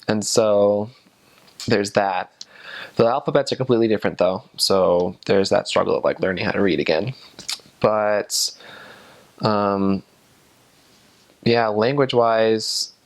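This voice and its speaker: A young man talks loosely to the camera in a rambling way, hedging often as he explains. His voice sits a little low and has plenty of gravelly vocal fry. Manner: loose, rambling talk full of hedges. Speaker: returned missionary.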